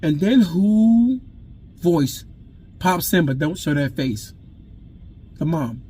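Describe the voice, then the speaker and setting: A father telling his own story in an intense, raw way, repeating himself and swinging between loud outbursts and hushed admissions. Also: fairly high pitch, expressive, slow pace, pauses often, slightly rough. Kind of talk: emotional personal storytelling to camera.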